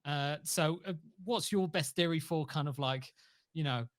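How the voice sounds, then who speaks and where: Man player, eager fanboy tone, earnest, slightly high voice. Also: measured pace. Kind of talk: in-character tabletop role-play.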